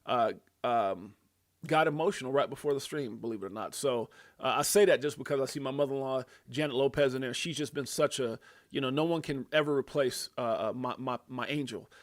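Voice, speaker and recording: Excitable male crypto livestream host. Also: medium pitch, brisk, no room sound. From Brooklyn, USA. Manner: excitable, loud bursts of hype, slang, frequent repeats and laughs. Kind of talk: live crypto market commentary.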